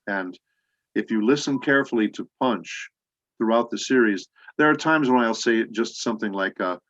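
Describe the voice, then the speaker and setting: A middle-aged man, a voice actor guest, telling rambling anecdotes with many pauses in a casual interview. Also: lowish voice, fairly bright tone, no echo. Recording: dull lo-fi audio.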